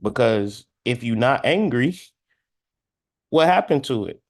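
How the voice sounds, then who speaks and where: A man in his thirties, a spiritual astrology commentator, delivers a blunt, profane, preachy monologue and sometimes acts out quoted voices in dialogue. His medium-pitched voice has lively intonation, and he speaks slowly with frequent pauses. The recording is dry and studio quality.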